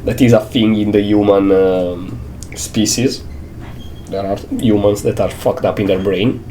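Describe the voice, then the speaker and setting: A man's voice: lowish voice, steady tone, measured pace, mellow, a little hiss or hum. Young male streamer, blunt and playful. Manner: playful, blunt, swears freely. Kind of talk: casual game let's-play commentary.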